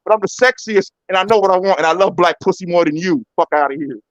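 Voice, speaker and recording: A man's voice: high-pitched, fast talker, crowd noise. A man calling in to a live chat show, arguing in heated casual banter; he boasts, repeats himself and stammers over his words. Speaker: caller. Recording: dull lo-fi call audio.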